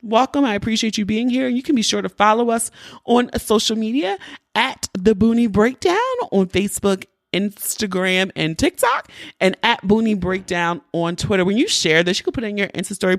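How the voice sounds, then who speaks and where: A woman's voice: mid-range voice, dry recording, studio quality. Chatty woman host with a stuffy, allergy-clogged voice. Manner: lively, chatty, playful. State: congested from allergies. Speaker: podcast host. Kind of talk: casual podcast chat.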